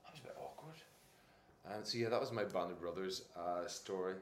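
A man, an actor and podcast guest, telling casual anecdotes in an animated way, laughing often and restarting his sentences. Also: sits low, a little fast. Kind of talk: casual anecdotal interview chat. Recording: echoey room with faint noise.

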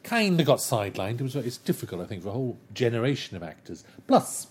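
A man chatting as an interview guest, animated and enthusiastic, with rambling anecdotes. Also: medium pitch, fast, breathy edge. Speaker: guest, television writer. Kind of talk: casual interview chat.

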